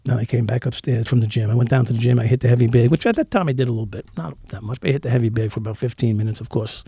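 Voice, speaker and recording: A man's voice: mid-range voice, rapid-fire, gravelly, dark tone, breathy edge, no echo. A middle-aged man, a former cop telling stories bluntly and profanely in an interview, acting out what people said. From New York. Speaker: interview guest, former police officer. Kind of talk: candid storytelling in a podcast interview.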